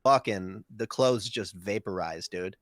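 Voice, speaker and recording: A man's voice: lowish voice, measured pace, dry recording. A man in a casual live-stream chat who jokes, teases and swears freely. His voice sounds dry and close. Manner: joking, teasing, profane.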